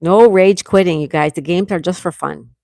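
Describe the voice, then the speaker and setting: A woman's voice: fairly low pitch, moderate pace, vocal fry, warm tone, no echo. Chatty woman reading live chat, dry sound. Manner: reads viewers' comments aloud, chatty and affectionate. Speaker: livestream host reading chat.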